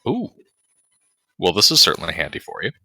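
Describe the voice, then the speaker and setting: A man narrating as game master of a tabletop game, deliberate and pausing as he describes finds. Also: low voice, wildly swooping pitch, sharp tone, husky, no echo. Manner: slow, deliberate narration with pauses.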